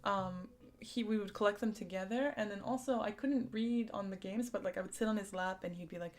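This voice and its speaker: A young woman with a mid-range voice talks fairly quickly while hosting a casual live stream. Giggly and chatty, she answers viewers' comments, peppering her speech with "like" and "um."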